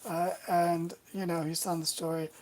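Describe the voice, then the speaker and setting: Low-voiced woman rambling through a wrestling recap. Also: level tone, moderate pace, darkish tone, rough recording. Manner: rambling, wry sarcastic asides. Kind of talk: casual recap commentary.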